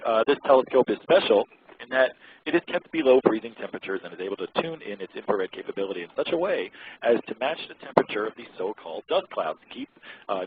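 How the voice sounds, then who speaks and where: A male internet radio host rattles along quickly in a rambling, irreverent tone. His voice comes through thin and phone-like, with a faint hiss underneath. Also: fairly low pitch. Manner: rambling and irreverent, laughs often. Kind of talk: casual chat, reading out web articles. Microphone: close mic he keeps blowing into.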